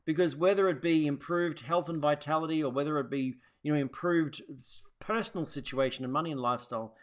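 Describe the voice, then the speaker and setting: A man hosting a wellness show, talking casually to viewers in a rambling way with many restarts. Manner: rambling, restarts often, acts out quotes in a high voice. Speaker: host.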